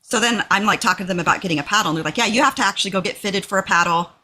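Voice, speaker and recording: A Texan woman co-hosting a podcast tells a story in casual chat, animatedly acting out quoted lines in a raised voice. She speaks very fast at medium pitch, with a little hiss or hum in the recording.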